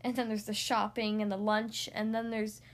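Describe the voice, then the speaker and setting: A woman's voice: mid-range voice, little pitch movement, moderate pace, natural voice. A woman voicing a tired, unwell mother speaking politely in a storybook reading. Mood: weary. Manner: weary, polite.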